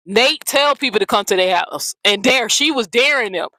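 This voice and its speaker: A woman with a slightly high voice rants on her own channel, blunt and mocking, swearing freely as she calls people out. The sound is dry and close, with no room echo. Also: lively intonation, moderate pace, hardly any pauses, pushed and bright. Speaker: channel host. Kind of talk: confrontational vlog rant.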